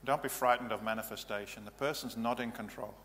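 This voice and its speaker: Plain-spoken pastor in a reverberant hall. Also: male voice, medium pitch, fairly even intonation, fast talker, fairly bright tone. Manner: plain-spoken, practical, matter-of-fact. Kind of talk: teaching sermon. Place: church hall. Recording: reverberant hall, faint hum.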